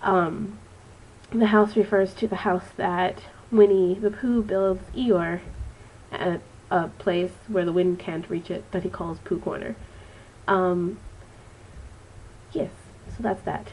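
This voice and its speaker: A woman's voice: on the low side, fairly even intonation, takes it slowly, darkish tone, a little hiss or hum, rough recording. Chatty nasal young woman with allergies. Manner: chatty and rambling, with frequent ums. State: stuffy nose from allergies. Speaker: student teacher reviewing a book. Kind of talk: casual vlog book review.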